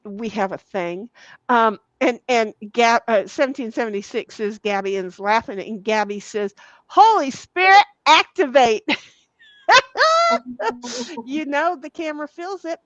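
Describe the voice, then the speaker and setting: A woman's voice: fairly high pitch, a little slow, no room sound, lo-fi sound. A woman hosting a casual livestream, reading viewer comments aloud in a salty, giggly way and swearing freely. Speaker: livestream host.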